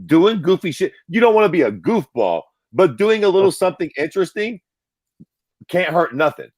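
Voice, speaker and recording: A man's voice: sits high, big pitch swings, moderate pace, a little mellow, dry recording. A man co-hosting a podcast, talking emphatically and profanely in loose banter. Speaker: podcast co-host. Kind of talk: casual podcast chat.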